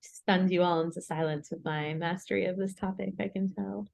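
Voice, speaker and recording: A woman's voice: lowish voice, steady tone, normal speed, gravelly, a little mellow. A woman leading a casual Torah study group, chatty and thinking aloud with many "like" and "right?" asides.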